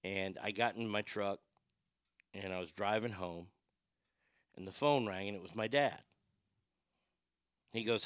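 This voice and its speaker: A man's voice: on the low side, measured pace, pauses often, a bit bright, smooth, no room sound. A male radio host telling personal stories in a rambling, profane, darkly funny way. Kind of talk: casual storytelling monologue.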